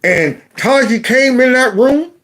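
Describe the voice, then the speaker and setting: A man's voice: very high-pitched, lively intonation, measured pace, a bit bright. A man hosting a political commentary vlog, folksy and storytelling, who keeps calling his audience y'all. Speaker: host.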